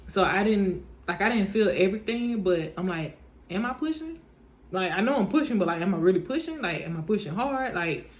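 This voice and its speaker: A young woman, casually telling her viewers a personal story, acting out what everyone said. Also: on the low side. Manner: chatty, animated, speaks in reported dialogue, says "y'all" often.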